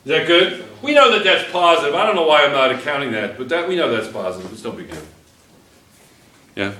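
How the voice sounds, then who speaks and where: A man's voice: a little high, sing-song, a little fast, pushed and bright, far from the mic, slight background noise. A man teaching a physics class, joking and teasing his students as he works through problems. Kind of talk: classroom lesson. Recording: echoey classroom.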